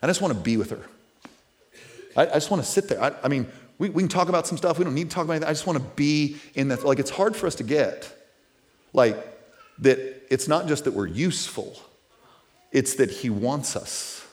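A pastor in his thirties preaches a sermon in a slightly high, expressive, brisk voice. He talks casually, restarting and repeating words, then builds to loud, emphatic peaks.

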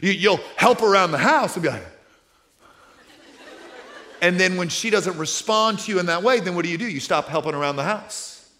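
A middle-aged man preaching to his congregation, talking casually one moment and hammering points home the next. His voice sits a little high and moves with lively, animated pitch. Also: fairly quick, long pauses, a faint crowd, a little hiss or hum. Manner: conversational preaching that swells to forceful emphasis. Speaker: pastor. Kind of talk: sermon.

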